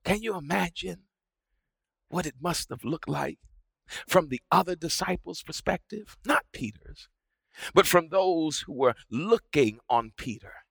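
A man preaching a sermon with dramatic swings between shouting and hushed, quiet passages. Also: on the high side, expressive, a little slow, vocal fry, husky, dry recording, poor audio.

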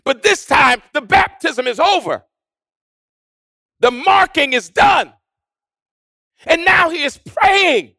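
A preacher delivers a sermon in a very high, bright voice with a gravelly edge. His pitch swings widely as he builds to shouted, repeated lines and then falls to near-whispers. The sound is dry and close. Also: animated, slow pace, long pauses, dry recording. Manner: rhythmic preaching with shouted build-ups and hushed drops.

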